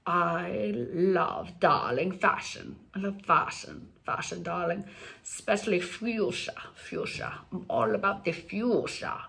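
A theatrical fashion-obsessed lady gushes over every word, as a woman puts her on. Her delivery is drawn out and unhurried. Her pitch rises and falls in broad, animated sweeps. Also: vocal fry, full character voice. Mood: gushing.

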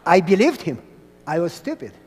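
High-voiced man preaching in a hall. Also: moderate pace, slightly rough. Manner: animated, storytelling, asks the audience questions. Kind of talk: sermon.

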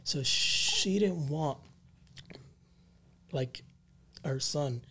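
A man's voice: on the high side, expressive, drawn-out words, pushed and bright, a little hiss or hum. A man co-hosting a paranormal podcast, telling a creepy story in a rambling, slangy way with many fillers. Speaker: podcast co-host.

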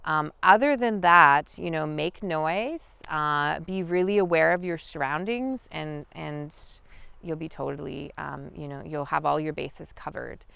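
A woman guiding an outdoor lesson in the forest, talking in a relaxed, chatty way with many fillers. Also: sits low, measured pace, vocal fry, smooth, no room sound. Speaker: wild food guide. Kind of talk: outdoor teaching talk.

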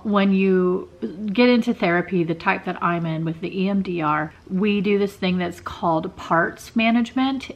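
A woman's voice: medium pitch, fairly bright tone, muffled recording. Candid woman vlogger talking to camera. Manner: candid and conversational. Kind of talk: personal talk to camera.

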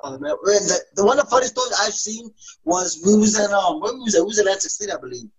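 Emotional man telling stories with lively pitch. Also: fast, crowd noise, low-quality recording. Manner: emotional, lively, loose street speech. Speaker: interview guest. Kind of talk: casual interview storytelling.

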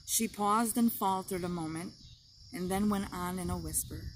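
A woman narrating an audiobook in a slow, measured reading style. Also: fairly low pitch, slight background noise, low-quality recording.

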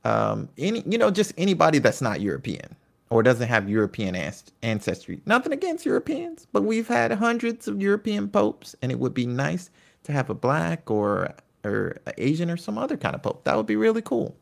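A man's voice: a little high, huge pitch swings, normal speed, creaky. A man hosting a history video, reading from his notes and breaking off into chatty, enthusiastic comments, sometimes tripping over names. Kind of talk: reading notes with off-the-cuff asides.

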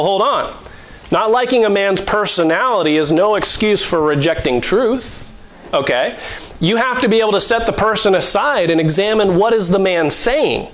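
A man's voice: high voice, low-quality recording. A middle-aged male pastor preaching a sermon in a conversational way, with mock-voiced asides and chuckles.

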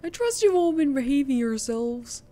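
A squeaky, self-important frog, as a woman puts him on, talking far above her own register. The delivery is theatrical and grandiose, mock-formal like a showman greeting an audience. It is a stream character voice with a strange, unusual timbre. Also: big pitch swings, normal speed, dark tone. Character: high-pitched showy frog host, theatrical and grand.

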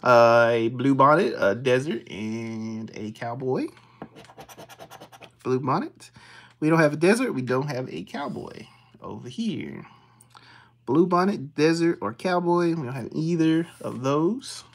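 A streamer, calling out scratch-off symbols one by one and muttering quietly while checking them. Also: medium pitch, unhurried, a little hiss or hum. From Texas. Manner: reads symbols aloud in a steady list, dropping to hushed mutters when checking. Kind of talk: casual play-by-play of scratching tickets.

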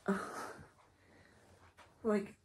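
Male reviewer, blunt and rambling, with a dark, mellow tone. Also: extremely slow. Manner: rambling, hesitant, blunt and scornful. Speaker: TV series reviewer. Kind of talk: casual spoken review.

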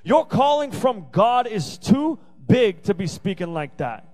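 Emphatic high-voiced youth pastor man. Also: very animated, a little slow, a little mellow, soft background music, low-quality recording. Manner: emphatic, repetitive, playful asides. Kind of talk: youth sermon. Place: youth service venue.

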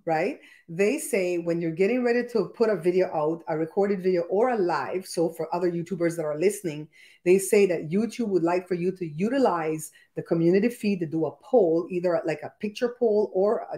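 A woman from Belize hosts a live cooking stream from her home kitchen, chatting upbeat with viewers and greeting them by name. Her voice is mid-range and a little mellow, picked up by a microphone on a laptop live stream.

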